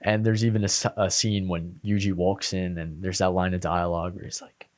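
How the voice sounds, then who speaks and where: A man's voice: low-pitched, flat delivery, brisk, hardly any pauses. A man co-hosting a podcast, talking earnestly and emotionally about a favorite anime character. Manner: earnest, emotional, soft-spoken at times. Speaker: podcast co-host. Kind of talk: casual anime discussion.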